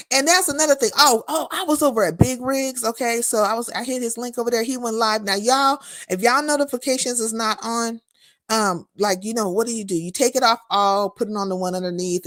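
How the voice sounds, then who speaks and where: A woman live streaming, chatting casually with her viewers and answering their comments in a blunt, profane, animated way. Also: mid-range voice, no echo, studio quality. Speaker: live streamer and content creator.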